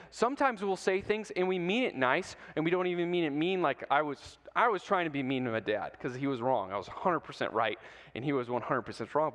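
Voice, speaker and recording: A man's voice: fairly high pitch, fairly bright tone. A man giving a playful talk to middle schoolers, telling stories and asking the audience questions. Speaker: youth speaker. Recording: long hall reverb.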